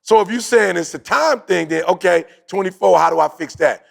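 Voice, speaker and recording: Guy with a gravelly voice, kinda high, podcast host chatting and acting out what people said. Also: a little fast. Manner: animated storytelling, acts out quotes, repeats points. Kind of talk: casual motivational talk.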